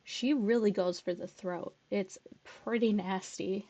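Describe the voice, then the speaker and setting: A woman's voice: mid-range voice, fairly even intonation, measured pace, mellow. A woman giving blunt, sarcastic reaction commentary, swearing freely. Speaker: commentary YouTuber. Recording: dull muffled audio from headphone capture.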